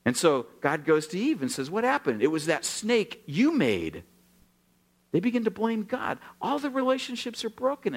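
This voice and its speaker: A man in his sixties from Oregon preaching a sermon, telling stories with acted-out dialogue and joking with the congregation. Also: sits high. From Oregon, USA. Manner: animated storytelling, acts out dialogue, jokes with the congregation. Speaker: pastor.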